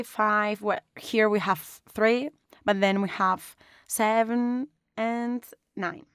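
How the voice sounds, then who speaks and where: A woman explaining a design lesson step by step in a calm, instructional way, recorded as a close voice-over. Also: on the high side, smooth, no room sound. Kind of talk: online lesson narration.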